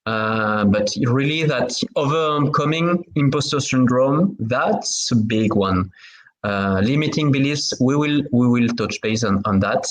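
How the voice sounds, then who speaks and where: A man's voice: medium pitch, a little slow, a little hiss or hum, rough recording. A man with a French accent hosting an interview podcast, talking with many fillers and restarts. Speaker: podcast host.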